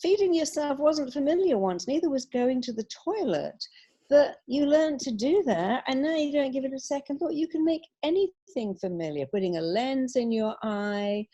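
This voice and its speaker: A middle-aged woman being interviewed on a radio show, giving upbeat advice and acting out quick quoted asides. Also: sits high, husky, dull audio. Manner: animated, upbeat, quotes herself in little acted asides. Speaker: guest, hypnotherapist.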